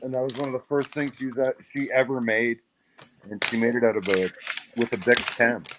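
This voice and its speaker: A man's voice: mid-range voice, level tone, fairly quick, heavy background noise. A man joining a casual chat as a guest over a video call, describing things in his home.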